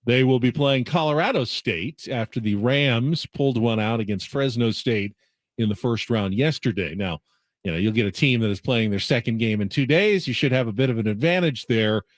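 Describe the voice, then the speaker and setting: A man's voice: medium pitch, expressive, moderate pace, dry recording, studio quality. A man hosting sports radio, explaining college basketball at length and thinking aloud with restarts.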